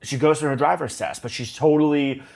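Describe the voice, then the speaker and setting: A man's voice: fairly high pitch, brisk, vocal fry. A man hosting a podcast, chatting casually about a movie and retelling scenes with lots of laughter. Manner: animated, laughs often, acts out film scenes in quoted voices. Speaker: podcast host.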